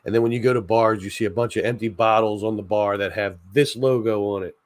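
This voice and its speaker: A man's voice: fairly low pitch, steady tone, fairly quick, no room sound. A man hosting a casual late-night chat stream, rambling and joking, often laughing at his own ideas. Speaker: channel host.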